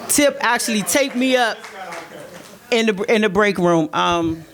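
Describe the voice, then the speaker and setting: A woman's voice: mid-range voice, expressive, a little slow. A woman speaking to a live audience from a stage, hyping up the crowd and calling people out. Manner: hyping up the crowd, shouting out names. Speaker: panelist and stage performer. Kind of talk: casual speech to a live audience.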